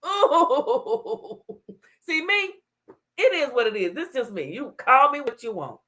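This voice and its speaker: Sassy lady host chatting on a live stream, high voice all over the place, says it straight. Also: slow pace. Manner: animated, blunt and sassy. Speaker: talk show host. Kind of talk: casual livestream chat.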